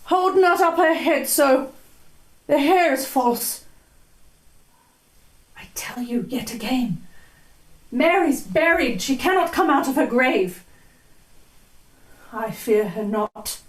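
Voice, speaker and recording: A woman's voice: sits high, animated, takes it slowly, long pauses, reverberant, far from the mic. A woman playing an imperious queen. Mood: sleepwalking. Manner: commanding, declamatory. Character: haughty queen, proud and imperious. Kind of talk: Elizabethan stage acting.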